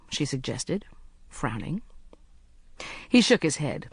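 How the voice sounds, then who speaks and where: A measured audiobook narrator with an expressive, lively pitch, reading a cozy mystery. The recording is close and dry, with no room sound. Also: no echo. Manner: even, measured storytelling.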